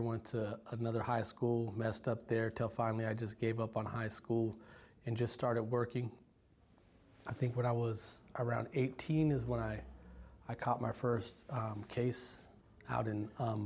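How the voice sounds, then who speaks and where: A man in his forties from Stockton, California, recounts his life in an interview. He speaks in a halting, reflective way with frequent ums and restarts, and his mid-range pitch barely rises or falls. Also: darkish tone. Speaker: violence prevention worker. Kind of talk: personal story told in an interview.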